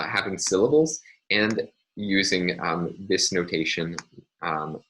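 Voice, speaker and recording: A man's voice: low-pitched, a bit bright, poor audio. A man lecturing on linguistics over slides, careful and self-correcting, with frequent ums and uhs.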